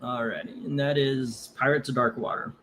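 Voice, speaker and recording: A man hosting a casual live comic book auction. He rambles between lot calls, curses freely and gets heated before calming himself down. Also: mid-range voice, moderate pace, a little hiss or hum. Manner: rambling, cursing, gets heated over politics then calms down.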